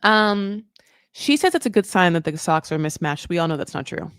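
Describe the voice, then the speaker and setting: A woman hosting a casual recap chat, rambling through tangents and correcting herself, with sudden jumps up in pitch. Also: expressive, moderate pace, fairly bright tone, clear, resonant tone, dry recording, clean studio sound. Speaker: recap show host.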